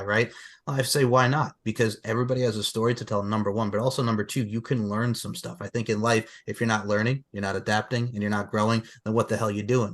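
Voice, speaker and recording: A man hosting a podcast, talking energetically and at length, with a lively, enthusiastic manner as he addresses his guest and the audience. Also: on the low side. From New York. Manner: fast, animated, talkative. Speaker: podcast host. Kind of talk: casual interview chat.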